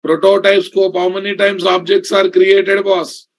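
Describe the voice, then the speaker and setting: A man's voice: high-pitched, flat delivery, unhurried, gravelly. A man teaching a live coding lesson, repeating his points and calling the class "guys" and "boss". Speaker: programming instructor.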